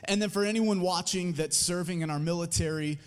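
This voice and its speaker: Man, campus pastor, energetic, rallying the crowd, auditorium reverb. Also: sits high, a little fast, clean tone. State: tired from little sleep. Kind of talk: church service welcome and announcements. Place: large auditorium. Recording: long hall reverb.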